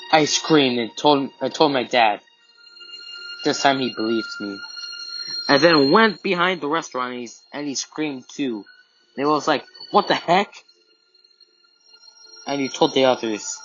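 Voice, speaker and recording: Over a murky lo-fi recording with faint music, a man with a mid-range, fairly bright voice makes up a first-person scary story. He halts and restarts, stringing events together with repeated "and then"s.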